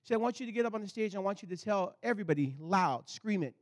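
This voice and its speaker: Man preacher, high tenor, storytelling sermon, loud bursts and low intense passages. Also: expressive, rapid-fire. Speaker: pastor.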